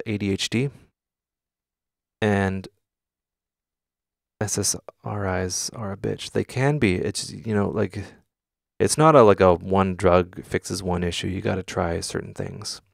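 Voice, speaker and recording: Speaking a little slowly in a fairly low, steady, creaky voice, a man streams casually from his home studio with no room sound. He's a music producer streamer who answers chat, talks openly and swears frequently.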